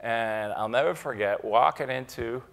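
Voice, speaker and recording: A middle-aged man from Ohio, an interview guest telling anecdotes in an animated way, repeating himself as he gathers his thoughts. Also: medium pitch, a little slow, gravelly. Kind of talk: anecdotal storytelling.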